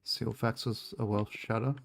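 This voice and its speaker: A man's voice: fairly low pitch, level tone, moderate pace, creaky. A man chatting casually and joking as he streams a video game, swearing freely. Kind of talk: casual chat while gaming.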